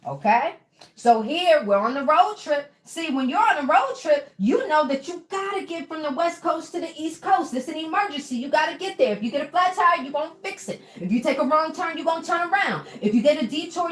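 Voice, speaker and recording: Lively high-voiced woman coaching with fervor. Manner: preachy and encouraging, calls listeners baby, asks for replies. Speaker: motivational coach on a livestream. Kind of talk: live-streamed motivational talk. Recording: roomy echo with faint music.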